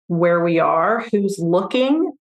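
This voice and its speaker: A woman, a financial therapist, talking through her approach in a relaxed podcast conversation, often giving examples and voicing her clients. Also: on the low side, slow pace, roomy sound, highs cut off. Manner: reflective, explains with examples and quoted client voices.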